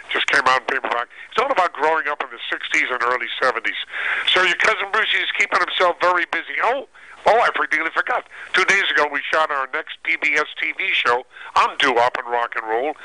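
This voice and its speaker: Older dj guy phoning in, super bright punchy voice, dry phone sound. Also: mid-range voice, no echo, rough recording. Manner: upbeat, showy DJ delivery. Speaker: radio broadcaster guest. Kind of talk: phoned-in message.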